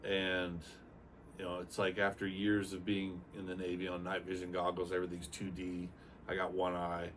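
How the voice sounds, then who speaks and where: A man's voice: low-pitched, normal speed. An older man, a retired Navy aircrewman, telling his story in a casual, rambling way and acting out quotes. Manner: rambling, animated retelling with acted-out quotes. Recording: distant mic with faint room noise.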